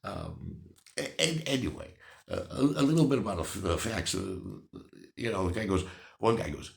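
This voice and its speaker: A man rants sarcastically at his viewers, laughing and restarting his sentences as he goes. His voice swings up and down a lot and has a gravelly edge. The room gives it a noticeable echo. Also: low-pitched, expressive, moderate pace. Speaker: vlogger answering viewer comments. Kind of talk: casual ranting commentary.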